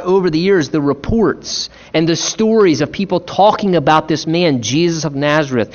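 A man's voice: high voice, highs cut off. A man preaching a sermon in an earnest, emphatic way, acting out the quotes he tells.

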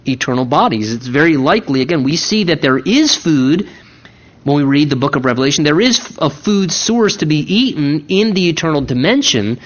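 A man's voice: on the high side, lo-fi sound. A man preaching a sermon in a conversational, emphatic way, repeating key words for stress. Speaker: pastor.

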